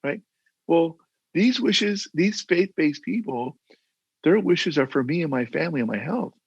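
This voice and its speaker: Over a video call, a former mayor appears as a guest in a casual interview, an older man with a gravelly, husky voice at a fairly high pitch. He tells stories earnestly at an unhurried pace with lively intonation, rambling and restarting sentences often. The audio is dull and dry, with little room sound and no echo.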